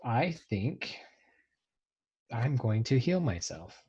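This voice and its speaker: A man's voice: mid-range voice, very animated, takes it slowly, warm tone, slightly rough, highs cut off. A man playing a tabletop game, talking through his turn in a dry, understated way. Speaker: player.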